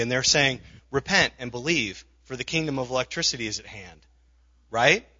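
A man's voice: fairly high pitch, pushed and bright, muffled recording. A man preaching a sermon in a conversational way, with frequent restarts and asides. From not from the South. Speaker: pastor.

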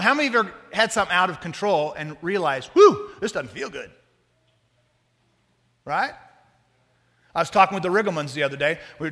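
A man preaching a sermon as pastor, talking to the congregation in a conversational, joking way with lively asides. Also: a little high, long reverb tail.

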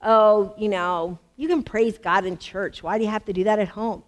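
A woman voicing a taunting male devil who mocks and accuses in a low, hushed murmur. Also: steady tone, normal speed, in a large hall, natural voice.

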